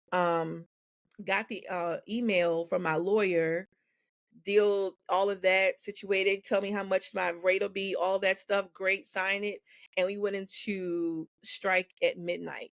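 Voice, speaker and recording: A woman's voice: medium pitch, fairly even intonation, unhurried, no room sound, clean studio sound. A woman guest on a podcast, speaking frankly and with animation, laughing often as she tells her story. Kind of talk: candid conversational storytelling. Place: podcast recording.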